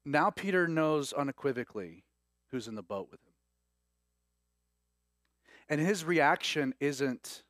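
A man preaching a sermon in an animated, conversational way with laughing asides. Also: fairly high pitch, measured pace, long pauses, no echo, clean studio sound. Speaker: pastor.

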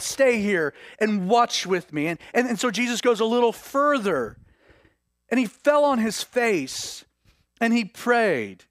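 A man preaching a sermon, telling a scripture story with dramatic swings between loud declarations and hushed lines. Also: high-pitched, dry recording, studio quality.

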